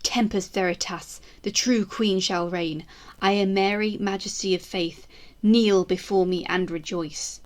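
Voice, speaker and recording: A woman's voice: medium pitch, steady tone, measured pace, a little mellow, natural voice. A woman voicing a defiant, vengeful Tudor queen in grand, declamatory speeches. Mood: menacing.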